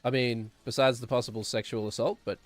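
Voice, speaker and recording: A man's voice: mid-range voice, fairly even intonation, fairly quick, soft background music. A man streaming a game, rambling and sarcastic, chuckling as he talks. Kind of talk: casual gameplay commentary.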